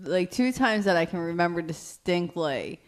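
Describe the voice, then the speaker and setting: A woman's voice: on the low side, expressive, normal speed. A woman co-hosting a comedy podcast, casually telling a story about her young daughter. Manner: conversational storytelling with acted dialogue. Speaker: podcast co-host.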